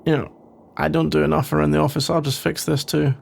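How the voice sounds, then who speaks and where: A man playing a gravelly sarcastic office rival. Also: fairly high pitch, little pitch movement, fast. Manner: sarcastic, dry and grumbling. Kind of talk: ASMR role-play.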